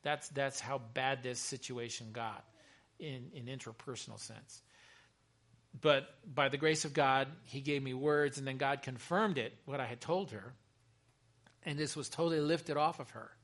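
A man, a chaplain, telling a story in a sermon, earnest and repeating words as he builds to bursts of excitement. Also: mid-range voice, normal speed. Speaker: chaplain preaching.

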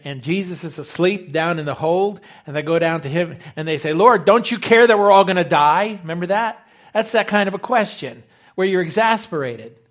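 Male pastor, slightly high voice, lively sermon delivery that acts out quotes. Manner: animated preaching, acts out quoted dialogue.

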